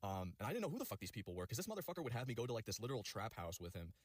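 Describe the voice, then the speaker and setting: A man telling a personal story in a rapid, rambling way, full of swearing and fillers. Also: fairly low pitch, sing-song, husky, no room sound.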